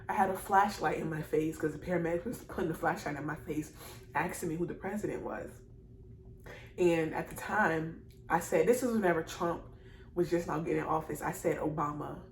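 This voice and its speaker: A woman's voice: low-pitched, a bit bright. A young woman in her early twenties telling a personal story to her viewers, rambling and repeating herself, emotional and apologetic. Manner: rambling and repetitive, speaks straight to viewers; emotional, apologizing and laughing through tears. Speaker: vlogger. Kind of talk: casual personal storytelling to camera. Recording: echoey room with faint noise.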